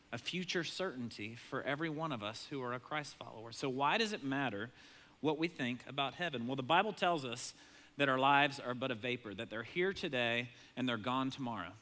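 A bright, forward-sounding male pastor in his thirties, preaching in a relaxed, conversational sermon style. He tells stories with animation, chuckling often and jumping into a high, excited voice to mimic his children. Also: normal speed, slight background noise. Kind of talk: sermon with storytelling.

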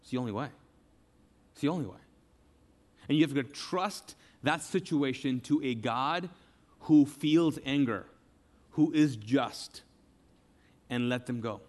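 A man preaching a sermon with passion, repeating phrases and swinging between loud outbursts and hushed, quiet lines. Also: mid-range voice, measured pace, pauses often. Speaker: pastor.

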